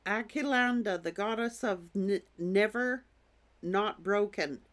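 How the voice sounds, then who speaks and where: A woman doing a tarot reading, slowly reading out oracle cards, her voice a little worn as she is losing it. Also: mid-range voice. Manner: slow, gentle, pauses to read card texts. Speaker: tarot reader.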